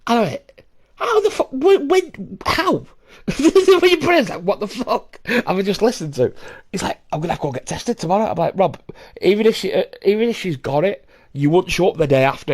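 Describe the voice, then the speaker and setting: A man's voice: fairly high pitch, darkish tone. A young man hosting a podcast, telling rambling, sweary stories with frequent laughs and acted-out voices. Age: young adult. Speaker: podcast host. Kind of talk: casual storytelling.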